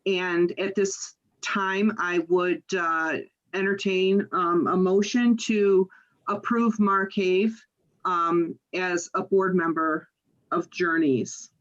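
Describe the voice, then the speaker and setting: A woman chairing an online board meeting, talking slowly with many pauses and fillers. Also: on the low side, steady tone, muffled recording. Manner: slow, halting, many fillers.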